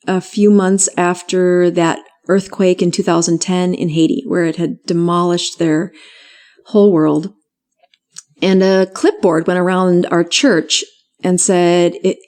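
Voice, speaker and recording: A middle-aged woman physician telling her story in an interview, animated and laughing often as she acts out what people said. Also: lowish voice. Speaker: physician guest.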